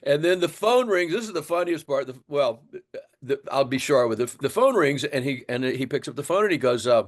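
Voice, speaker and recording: An older man from Texas, a drummer, telling an animated story in an interview and acting out the voices of others. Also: mid-range voice, fairly quick. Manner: animated storyteller, acts out voices, laughs often. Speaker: guest drummer.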